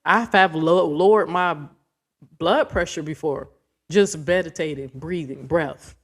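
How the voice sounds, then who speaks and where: A woman's voice: deep voice, unhurried. Woman vlogger, casual rant, blunt and rambling with swearing. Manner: blunt, profane, rambling and emphatic.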